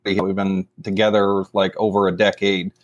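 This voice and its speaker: A man's voice: deep voice, level tone, moderate pace, lo-fi sound. A man in his twenties, a podcast guest chatting easily with plenty of likes. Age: 20s. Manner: easygoing, with filler likes. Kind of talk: casual chat.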